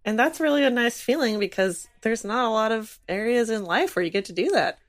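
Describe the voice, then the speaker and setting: A young woman co-hosting a podcast in casual chat, animated and laughing often. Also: a little fast. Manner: animated, laughs often, high excited squeals. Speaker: podcast co-host.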